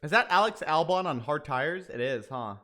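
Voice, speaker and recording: A man hosting a casual race watch-along stream, talking excitably and swearing now and then. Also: a little high, moderate pace. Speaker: livestream host.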